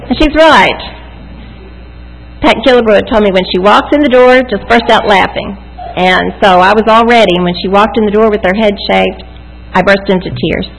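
A woman's voice: mid-range voice, moderate pace, gravelly, slight background noise. Mother sharing faith lessons in a hall. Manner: warm storytelling with scripture readings. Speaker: church speaker. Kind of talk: devotional talk. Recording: echoey hall.

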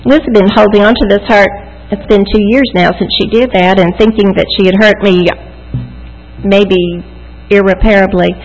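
A woman's voice: mid-range voice, steady tone, normal speed. Mother sharing faith lessons in a hall. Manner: warm storytelling with scripture readings. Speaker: church speaker. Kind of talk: devotional talk. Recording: echoey hall.

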